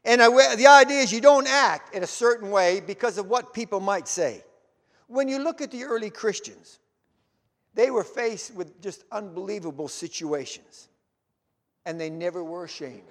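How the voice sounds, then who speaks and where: Man preaching, very high voice, animated storyteller, long church-hall echo. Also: moderate pace. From Canada. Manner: animated storytelling, rising to shouts. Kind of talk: sermon with personal story.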